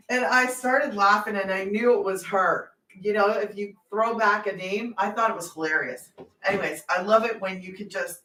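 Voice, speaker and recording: Woman, middle-aged, chatty livestream host, emphatic, rambling, mid-pitched, echoey room. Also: steady tone, moderate pace, sharp tone, recorded from a distance. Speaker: online business host. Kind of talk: casual livestream chat. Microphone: phone. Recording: roomy sound, off-mic.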